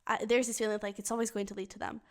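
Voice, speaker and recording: Woman tarot reader, a little high-pitched, chatty and earnest, talks straight to camera. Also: level tone, racing. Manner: earnest and emotionally invested, speaks directly to the viewer; chatty, thinks aloud while reading the cards. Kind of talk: pick-a-card tarot reading to viewers.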